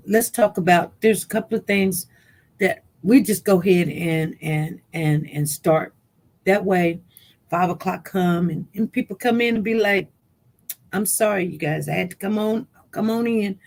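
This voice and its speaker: Gravelly-voiced woman chatting on a livestream. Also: low voice, darkish tone. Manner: rambling, chatty, reads viewer comments aloud. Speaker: livestream host. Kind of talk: casual chat.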